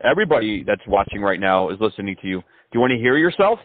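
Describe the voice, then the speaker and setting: A man's voice: on the low side, sing-song, quick pace, no echo. A man making a prank phone call, sarcastic and mocking as he talks. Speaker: prank caller. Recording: tinny phone line.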